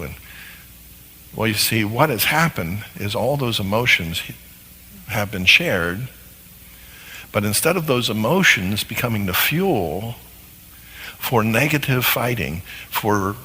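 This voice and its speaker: A man's voice: on the low side, expressive, slow, long pauses, sharp tone, a little hiss or hum. A man teaching a lesson on marriage who often asks his listeners rhetorical questions. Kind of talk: lecture on marriage. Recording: long hall reverb.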